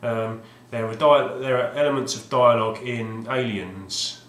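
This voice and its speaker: Recorded at home in a reverberant, echoey room, a video game collector vlogger delivers a rambling, casual monologue. He sounds hesitant and wry, restarting often, with a steady, fairly bright mid-range voice at a slightly slow pace.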